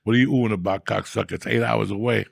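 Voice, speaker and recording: Podcast host, middle-aged man, husky voice, dry close sound, profane and rambling, gruff comic delivery. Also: fairly low pitch, fairly even intonation, fast talker, no room sound. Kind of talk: casual comedic rant.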